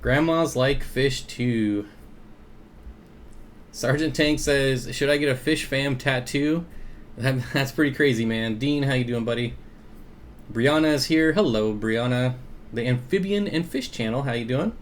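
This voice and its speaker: A man's voice: mid-range voice, measured pace, a little hiss or hum. A man hosting an aquarium livestream in easygoing, casual chat. He reads viewer comments aloud, greets people by name and chuckles often.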